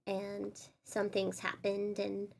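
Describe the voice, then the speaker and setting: A woman's voice: medium pitch, monotone, slow pace, vocal fry, faint music behind. A woman streamer telling an upsetting personal story in a casual, earnest way. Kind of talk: casual storytelling while drawing.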